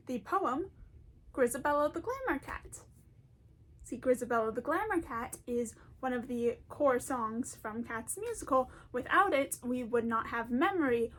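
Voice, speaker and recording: A woman with a high voice talks in a loose, rambling way, as if chatting to a friend. She pokes fun at herself and laughs easily between her thoughts. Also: a bit bright. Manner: chatty, self-deprecating, laughs often. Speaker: video essayist. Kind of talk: casual rambling commentary.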